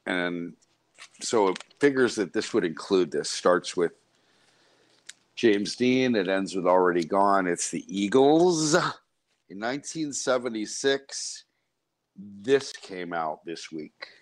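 A man's voice: low-pitched, lively intonation, slow pace, slight background noise. A man hosting a radio talk show from a studio, speaking in chatty, digressive banter. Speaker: radio host.

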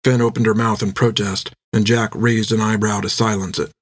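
A man narrating an adventure audiobook with steady storytelling. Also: on the low side, moderate pace, dry recording, studio quality.

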